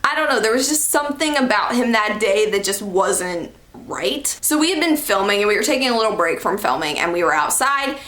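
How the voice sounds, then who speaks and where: A woman's voice: mid-range voice, brisk, few pauses, roomy sound. A young woman telling a personal story to camera in a casual, chatty way, full of "like" and "okay". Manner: chatty, animated, heavy use of "like" and "okay". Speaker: storytime vlogger.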